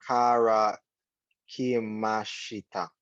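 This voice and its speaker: Man, student, very slow halting speech, dry dull call audio. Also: lowish voice, fairly even intonation, a bit bright, dry recording. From Jamaica. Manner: hesitant, halting repetition. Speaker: language student. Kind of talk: one-on-one language lesson.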